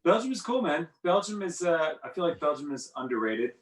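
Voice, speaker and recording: Easygoing guest on a roomy distant call. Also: male voice, on the high side, sing-song, brisk. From south of France. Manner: easygoing, meandering, many uhs. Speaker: podcast guest, musician. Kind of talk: casual chat over a remote call. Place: home room by the sea in England. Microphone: remote call.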